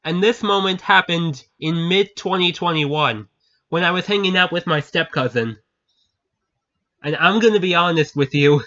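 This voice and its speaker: A man's voice: a little high, normal speed, bright, forceful tone. A man telling viewers a funny story in a casual chat, often breaking into laughter and repeating himself. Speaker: channel host. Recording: dull lo-fi recording.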